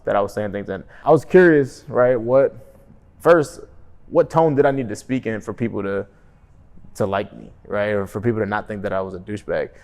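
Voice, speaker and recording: A laid-back man with a low pitch talks conversationally in a casual motivational vlog, often adding "right?" tag questions and describing himself as monotone. He's a real estate wholesaler and vlogger.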